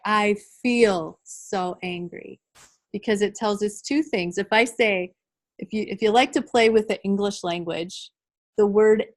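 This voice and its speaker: A woman's voice: mid-range voice, darkish tone, poor audio. Conversational woman leading a workshop. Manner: conversational, addresses the group directly. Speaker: trainer. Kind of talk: live workshop training.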